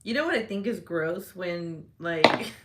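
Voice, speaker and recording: A woman's voice: fairly low pitch, a little slow, very noisy. Giggly woman chatting on a livestream. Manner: giggly, laughs often, swears freely. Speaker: livestream host. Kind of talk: casual live-stream chat.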